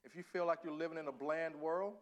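A man from Northeast Texas with a Southern Texan accent, preaching a sermon that swings from quiet musing to loud, drawn-out exclamation. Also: fairly high pitch, steady tone. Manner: laughs and exclaims often.

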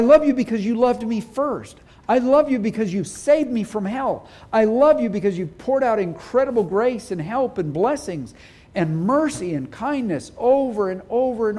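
A man's voice: very high-pitched, dark tone. A middle-aged man preaching a sermon as pastor, speaking earnestly and with emphasis.

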